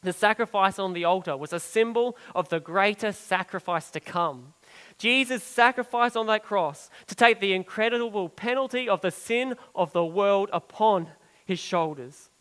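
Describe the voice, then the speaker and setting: Pastor, male, high-pitched, earnest sermon delivery that swells and then hushes. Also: normal speed, clear, resonant tone, long reverb tail, poor audio. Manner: earnest preaching that swells for emphasis and drops soft and low on key phrases.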